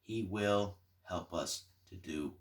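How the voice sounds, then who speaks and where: Giving a Sunday school lesson, a male pastor recounts a Bible story, shifting from animation to soft tones for emphasis. He's low-pitched and unhurried, with slight background noise.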